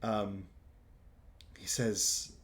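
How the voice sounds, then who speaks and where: A man's voice: fairly low pitch, little pitch movement, extremely slow, fairly bright tone. A man narrating as game master of a tabletop game, talking hesitantly with many ums and restarts.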